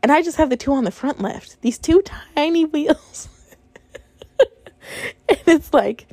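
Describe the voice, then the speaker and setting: A young woman in her twenties talks through her own misadventures in a frank, exasperated monologue, often breaking into laughter. Her voice sits a little high yet sounds mellow and warm. The recording is close and dry, with no room sound. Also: animated, normal speed, dry recording. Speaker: podcast host. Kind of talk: casual monologue.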